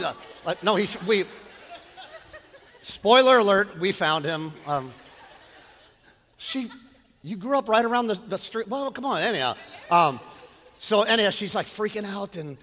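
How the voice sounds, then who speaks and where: High bright-voiced preacher in a big hall. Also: male voice, a little fast. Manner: animated, swinging from quiet storytelling to loud preaching. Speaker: pastor. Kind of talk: sermon.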